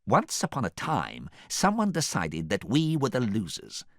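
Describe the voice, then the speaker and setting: A man voicing a scheming, smooth-talking young prince who delivers theatrical, persuasive speeches. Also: mid-range voice, wildly swooping pitch, a little slow, a bit bright, no room sound, studio quality, pitched above the performer's own voice, heavily acted.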